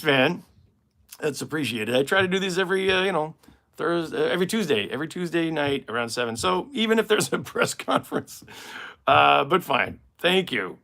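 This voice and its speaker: Gravelly American man, rambling and animated. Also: fairly high pitch. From United States. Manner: rambling, self-interrupting, laughs at his own jokes. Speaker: comedian hosting a live-stream Q&A. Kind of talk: casual live-stream chat.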